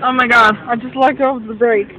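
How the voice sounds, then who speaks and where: Very high-voiced, nervous man vlogging. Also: level tone, a little fast, pushed and bright, a little hiss or hum, low-quality recording. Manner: nervous, swears, switches between English and Spanish. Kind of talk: casual vlog narration. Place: inside a car lift.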